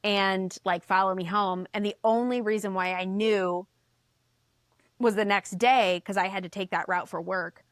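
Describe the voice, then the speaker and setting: Animated woman telling a story. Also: medium pitch, normal speed, no echo, studio quality. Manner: animated storyteller, swears, acts out quoted voices. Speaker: podcast guest. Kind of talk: casual storytelling chat.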